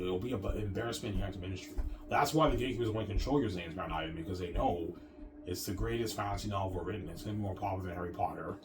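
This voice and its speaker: A man delivering a boastful, rambling monologue with stammering restarts. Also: deep voice. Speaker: vlogger. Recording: distant mic with clear background music.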